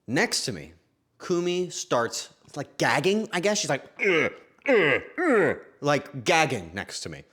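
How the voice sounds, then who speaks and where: Animated young male streamer telling a story. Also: fairly high pitch, a little slow. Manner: animated, swearing, laughing storyteller. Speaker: streamer host. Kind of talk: casual storytelling to chat.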